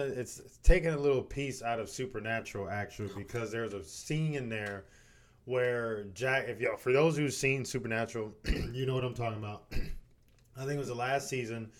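A young man co-hosting a podcast, talking in a laid-back, joking way with casual swearing. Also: medium pitch. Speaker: podcast co-host. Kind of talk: casual chat.

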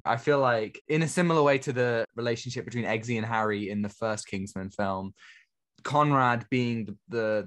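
A man co-hosting a film podcast, giving his opinions in relaxed, thoughtful chat. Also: mid-range voice. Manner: opinionated, thoughtful, lots of "I feel like". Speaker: podcast co-host. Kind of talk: casual film review chat.

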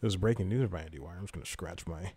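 A man's voice: sits low, very fast, mellow, breathy edge. A man hosting a podcast, reading entertainment news aloud and rambling through it with self-corrections and casual asides. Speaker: podcast host.

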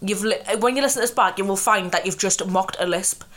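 A woman's voice: mid-range voice, quick pace, a bit bright. A woman in her twenties with a slight lisp from new braces, co-hosting a podcast in casual chat and laughing at herself. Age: 20s. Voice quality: slightly lispy. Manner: chatty, self-mocking, laughs often. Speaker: podcast co-host.

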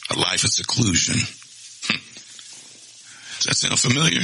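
A man with a fairly low voice recounts his own story as a podcast host, blunt and profane. He is candid and openly emotional as he talks. A noticeable wash of background noise runs beneath him. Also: sing-song, unhurried, sharp tone, rough recording. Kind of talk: personal storytelling monologue.

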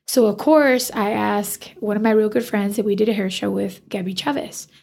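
Animated woman with a creaky voice. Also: mid-range voice, moderate pace. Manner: animated, acts out quoted dialogue. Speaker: hairstylist guest. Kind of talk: casual storytelling interview.

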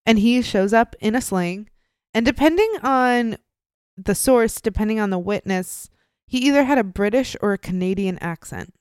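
A young woman narrates a true-crime story to her co-host, loose and animated, dropping swear words and slipping into quick voices for the people she describes. Her voice is smooth and resonant. The sound is close and dry, with no room around it. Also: mid-range voice, no room sound. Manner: animated, profane, acts out quoted voices. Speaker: podcast co-host.

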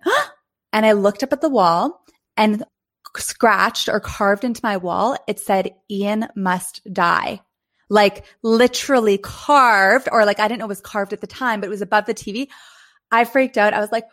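A woman in her thirties from Canada, a podcast host telling a personal story in a casual, animated way. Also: mid-range voice, normal speed. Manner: animated, rising to near-shrieks in scary moments.

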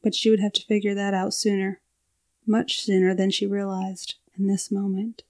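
A woman narrating a scripted story in a steady, even storytelling delivery. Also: mid-range voice, moderate pace.

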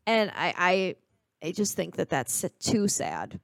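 A woman's voice: fairly low pitch, big pitch swings, measured pace, vocal fry, dry recording. A woman co-hosting a podcast in casual chat, sharing thoughtful opinions. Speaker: podcast co-host.

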